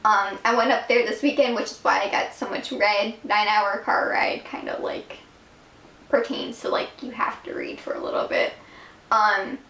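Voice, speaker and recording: A woman's voice: medium pitch, fairly even intonation, normal speed, fairly bright tone. A young woman in her late teens, reviewing books in a bubbly, gushing way, filling her talk with "like". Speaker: book reviewer. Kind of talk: casual vlog review. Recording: echoey room.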